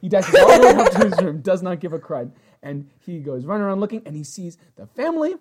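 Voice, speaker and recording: A woman's voice: on the low side, fast talker, background noise. A woman co-hosting a casual chat, recapping episodes and acting out the characters' lines. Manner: animated, acts out characters' lines. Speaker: podcast co-host.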